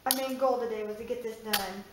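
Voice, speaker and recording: A woman's voice: on the high side, fairly even intonation, fairly quick, heavy background noise. A middle-aged woman talks her way through a house under renovation, casual and conversational. She thinks aloud with fillers and small restarts as she goes. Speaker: homesteading vlogger. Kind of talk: casual home tour narration. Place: house under remodel, indoors.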